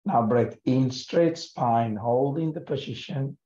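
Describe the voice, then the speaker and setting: A man guiding a yoga breathing practice in a gentle, calm and soothing way, with many pauses. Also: mid-range voice. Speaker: yoga teacher. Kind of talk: guided yoga breathing instruction. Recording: echoey room, dull lo-fi sound.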